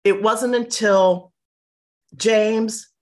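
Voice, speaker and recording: A middle-aged woman, an interview guest, telling personal stories in a lively, casual way and acting out what people said. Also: a little high, very slow. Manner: animated, mimics people in quotes.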